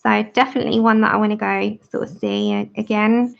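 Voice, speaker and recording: A woman's voice: medium pitch, flat delivery, fairly quick, vocal fry. A woman in her thirties chatting casually and giggling while she demonstrates colouring on a livestream. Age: 30s. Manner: chatty, giggly, reads out viewer comments. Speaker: livestream host colouring with viewers. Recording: dull lo-fi livestream audio.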